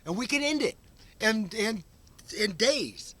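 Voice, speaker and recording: A man with a high, bright voice rambles through an unscripted monologue. He restarts his sentences often and leans on fillers as he goes, his tone edged and forceful. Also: animated, a little slow. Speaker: vlog host.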